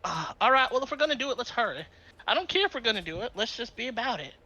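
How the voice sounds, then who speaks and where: Bright, lively woman player. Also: on the high side, lo-fi sound. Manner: quick, laughing, animated. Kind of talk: tabletop game play.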